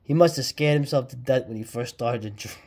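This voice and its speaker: On his casual vlog, a man goes through an old comic book, talking fairly quickly at medium pitch. He's excited, slangy, and laughs often.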